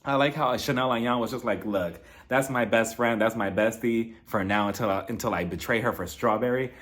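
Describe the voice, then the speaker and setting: A man with a mid-range, fairly bright voice talks briskly while casually recapping a reality TV episode. His gossipy commentary includes playful impressions of what people said.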